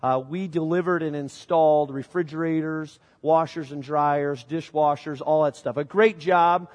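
In a sermon recorded with the long reverb of a church hall, a middle-aged pastor from Illinois, USA, tells a story conversationally in his church sanctuary. His somewhat high voice is a little mellow, with fairly even intonation and a normal speaking speed.

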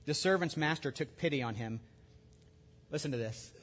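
Husky-voiced man preaching. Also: on the high side, normal speed. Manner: conversational preaching with restarts and lively asides. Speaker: pastor. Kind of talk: sermon.

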